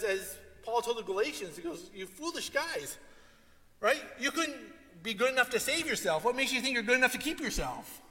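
A male pastor preaching a sermon, telling stories and acting out what people said. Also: extremely high pitch. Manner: animated storytelling, acts out quotes. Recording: long hall reverb.

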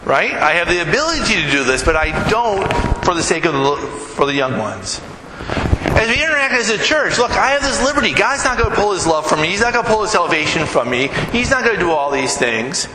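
A man's voice: high-pitched, big pitch swings, brisk. A man preaching a sermon to his church in a conversational way, often checking in with "right?". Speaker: pastor. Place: church sanctuary. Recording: echoey hall with noise.

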